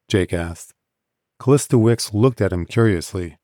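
Measured male audiobook narrator, deep, mellow, dry close mic. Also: no room sound.

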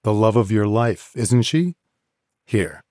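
A man's voice: on the low side, lively intonation, slow pace, a little mellow, no room sound, studio quality. A man voicing a friendly, teasing young woman bartender in an audiobook. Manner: chatty, playful.

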